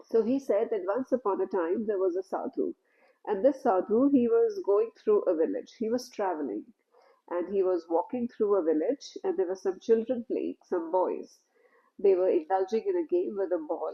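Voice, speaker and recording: A woman telling a devotional story in a gentle, measured way, with "you know" asides. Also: mid-range voice, muffled recording.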